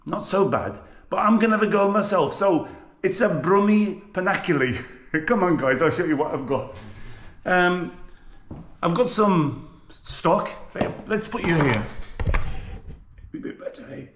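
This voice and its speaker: A man's voice: high voice, expressive, unhurried, pauses often, a bit bright. A man with a Birmingham accent chatting casually as he cooks for his vlog, jokey and rambling, filmed on a GoPro in a kitchen. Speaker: cooking vlogger. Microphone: GoPro camera. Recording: echoey room.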